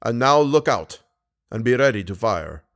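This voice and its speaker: For an audiobook, a man takes on the voice of a cautious, grave older Persian guide with a Persian accent. He keeps it low, hushed, and measured, yet with a sing-song quality.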